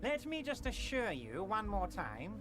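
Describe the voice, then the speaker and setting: Brief: a sly, jovial union boss for a game, smooth talker with a lively swooping delivery. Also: male voice, sits high, a little slow, over music, full character voice. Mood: reassuring. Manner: smooth, reassuring, faintly mocking. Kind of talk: game character dialogue.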